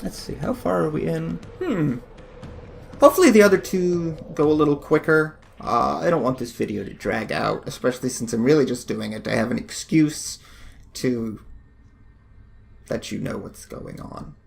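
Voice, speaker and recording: A man's voice: a little high, lively intonation, normal speed, vocal fry, a little hiss or hum. A man hosting a gaming channel, giving rambling, jokey, self-deprecating commentary while he plays. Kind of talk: casual gameplay commentary. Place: home office.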